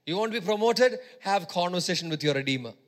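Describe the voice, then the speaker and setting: A man preaching a sermon, repeating phrases for emphasis and swinging between loud exhortation and quieter teaching. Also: high voice, animated, fast.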